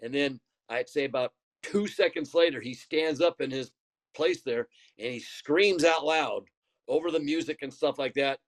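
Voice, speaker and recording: An older man, a former pitcher, telling a story in conversation, often repeating words and acting out bits of dialogue. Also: normal speed. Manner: rambling, repeats words, acts out quoted dialogue. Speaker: former baseball pitcher, guest.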